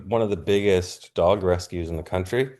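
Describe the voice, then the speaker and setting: A man chatting casually as a podcast guest, laid-back and quick to laugh. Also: sits low, a little mellow. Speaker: punk musician guest. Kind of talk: casual interview chat.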